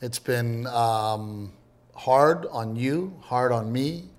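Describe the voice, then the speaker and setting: A man in his thirties co-hosting a podcast in casual chat, telling stories and acting out quotes with big jumps in voice. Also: extremely slow. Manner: animated storyteller, acts out quotes with big pitch jumps. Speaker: podcast co-host.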